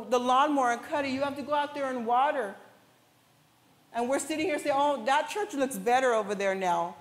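A woman pastor preaching a sermon with passion, at times rising to shouts. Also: high-pitched. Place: large church hall. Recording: echoey church hall with long reverb.

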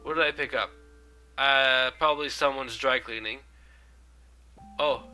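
A man's voice: mid-range voice, fairly even intonation, unhurried, pushed and bright, faint music behind. A young man with a stuffy nose from a cold, rambling through casual gameplay commentary with many fillers. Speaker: gaming video host.

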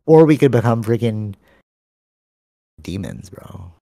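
A man's voice: fairly low pitch, sing-song, slow pace, gravelly, dark tone, dry recording, studio quality. A sleep-deprived young man co-hosting a podcast, rambling in casual slang and calling his friend bro. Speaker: podcast co-host. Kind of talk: casual chat. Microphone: studio microphone.

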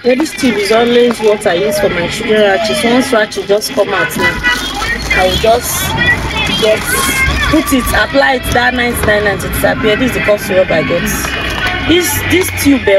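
A woman's voice: fairly high pitch, poor audio. A woman with a Nigerian accent, talking casually to her vlog camera, chatty and effusive, pleading with viewers for support. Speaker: family vlogger. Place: in and around a car on city errands.

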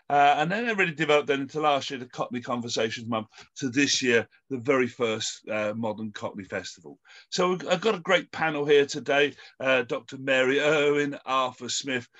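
A man's voice: medium pitch, sharp tone. A man hosting an online panel discussion over a video call, talking in a hesitant way with many ums and restarts. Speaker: host.

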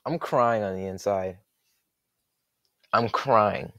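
A young man with a lowish, gravelly voice calls his own game in a loose, jokey commentary. He thinks out loud and reacts sharply to every move, and the recording is dry and close to the mic. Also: takes it slowly, dry recording. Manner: excitable, jokey, thinks aloud. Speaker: gaming commentator.

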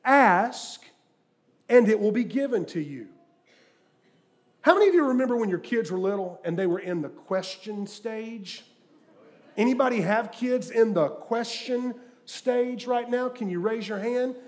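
A middle-aged man preaching a sermon, telling jokey stories and swinging from quiet asides to loud bursts. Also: high voice, lively intonation, unhurried. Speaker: guest preacher. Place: church sanctuary with live audience.

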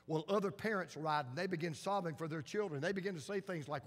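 A man's voice: fairly high pitch, quick pace, hardly any pauses. A male pastor preaching a sermon in a church, telling a story with dramatic repetition. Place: church sanctuary. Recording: long church reverb.

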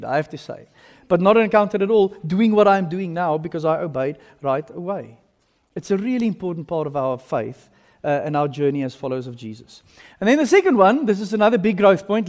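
A man in his thirties with a South African accent, preaching a sermon as pastor, telling stories animatedly and swinging between loud and hushed. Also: high-pitched, lively intonation, fast talker. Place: large church hall. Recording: long reverb in a church hall.

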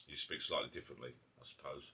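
A man with an Essex accent rambles in a relaxed chat over beers, often cutting himself off and circling back. His voice is low and husky, with a bright, forward edge. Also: fast talker. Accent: Essex English. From Essex, England. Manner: rambling, chatty, self-interrupting. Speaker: vlogger. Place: garden pub shed. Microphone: camera mic.

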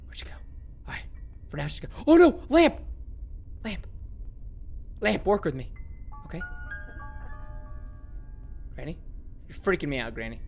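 A young man doing horror game commentary, excitable and panicky, often yelping and shouting and taunting the game. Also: a little high, unhurried, vocal fry, long pauses, soft background music. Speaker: gaming YouTuber.

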